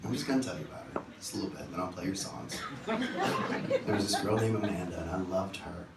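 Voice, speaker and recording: A man's voice: deep voice, brisk, heavy background noise. A man telling funny stories on stage between songs at a concert, acting out voices as he goes. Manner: animated, joking, acts out voices. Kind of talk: live storytelling between songs. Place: concert venue. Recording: echoey live room from a distance.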